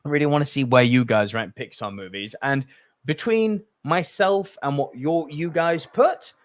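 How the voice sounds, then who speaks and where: Male solo podcast host, passionate and rambling, middle pitch, close dry mic. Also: dry recording. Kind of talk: solo podcast talk, reading live chat.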